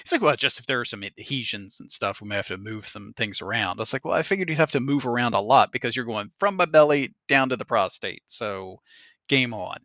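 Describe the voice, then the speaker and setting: A man hosting a podcast in casual chat, telling an animated story and acting out what other people said, with laughs along the way. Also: medium pitch, a little fast, no echo, highs cut off. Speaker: podcast host.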